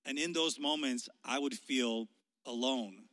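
A male youth pastor telling a story in a sermon, animated and conversational, often restarting his sentences. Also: medium pitch, unhurried, long reverb tail.

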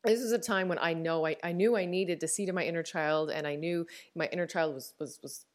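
A woman's voice: fairly low pitch, a little fast. A woman in her thirties with a Newfoundland accent, hosting a reflective personal podcast in a candid, chatty way, laughing often and restarting her sentences. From Newfoundland, Canada. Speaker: podcast host.

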